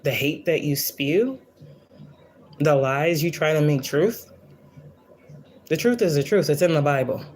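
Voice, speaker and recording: A woman's voice: deep voice, expressive, measured pace, pauses often, darkish tone, a little hiss or hum. A woman hosting a casual spiritual livestream, talking in a blunt, profane, preachy and defiant way, often repeating lines for emphasis. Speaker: spiritual reader and livestream host.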